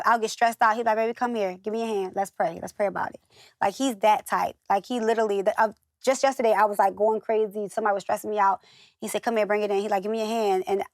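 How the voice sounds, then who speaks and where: A woman's voice: a little high, dry recording, clean studio sound. A woman from the northern United States, a guest in a casual interview, chatting and acting out the voices of the people in her stories. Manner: chatty storyteller who acts out quoted voices.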